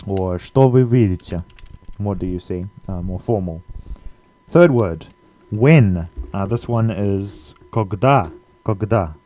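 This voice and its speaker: A man giving a casual language lesson, relaxed and chatty, with many fillers. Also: lowish voice, takes it slowly. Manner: relaxed, with frequent fillers and laughs. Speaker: language teacher.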